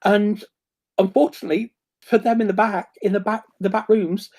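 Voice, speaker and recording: A man in casual chat, excitable and rambling, with many restarts and bursts of acted-out quotes. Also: high voice, normal speed.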